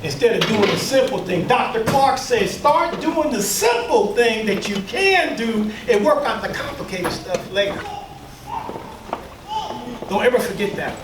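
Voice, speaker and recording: Emphatic male speaker with a very high voice, preacher-like cadence, heard from far off in an echoey room. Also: very animated, a little slow, background noise. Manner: emphatic, preacher-like, with call-and-response and mocking asides. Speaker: workshop leader and speaker. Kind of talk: lecture to a live audience.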